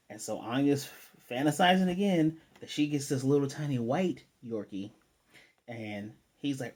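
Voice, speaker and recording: A man casually recapping and reviewing an anime episode, retelling scenes with lively quotes of the characters. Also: medium pitch, normal speed. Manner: animated retelling, quoting characters in passing.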